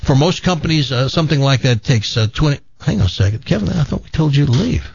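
A man's voice: a little high, animated, fast, vocal fry, a little mellow, highs cut off, slight background noise. A man with a Southern American accent hosting a radio show, chatting and reading ads with jokey asides. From Tennessee. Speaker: radio host. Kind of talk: radio talk and live ad read.

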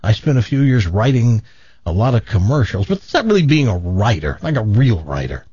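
An older man telling stories from his past in a relaxed, self-deprecating way, with a dull, muffled sound. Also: on the low side, a little fast, husky, no echo. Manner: animated, self-deprecating, acts out quoted voices. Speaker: guest telling his life story. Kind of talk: casual storytelling.

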